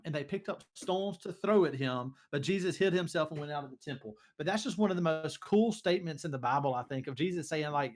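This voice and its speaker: A young man hosts a relaxed faith talk show with eager energy. He talks loosely, leaning on ums and likes as he builds up excitement. His voice sits somewhat high for a man. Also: a little fast, few pauses. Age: young adult. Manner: enthusiastic, loose, filler-heavy. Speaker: host.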